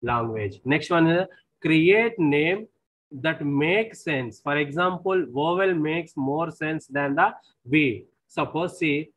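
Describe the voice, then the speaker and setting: A man's voice: fairly high pitch, slow pace, a bit bright, slightly rough, rough recording. A man with an Indian English accent giving a recorded lecture on programming, explaining step by step, often repeating himself and saying "see".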